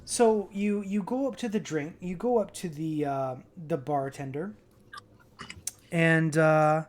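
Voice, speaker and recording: A man narrating as game master in a tabletop game, relaxed and hesitant, with many fillers. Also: fairly high pitch.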